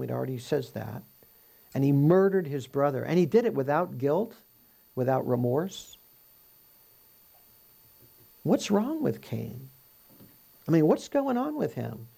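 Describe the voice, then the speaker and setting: A man teaches from scripture in a relaxed, conversational way, working through the text verse by verse and posing rhetorical questions to his listeners. His voice is gravelly and husky, with a warm, mellow tone. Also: medium pitch. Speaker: Bible teacher.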